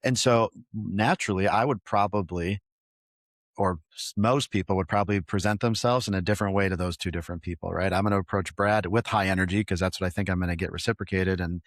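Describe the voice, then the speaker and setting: A man's voice: deep voice, fairly even intonation, quick pace, dry recording, clean studio sound. A man hosting a podcast interview, asking long, thoughtful questions with frequent restarts. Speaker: podcast host.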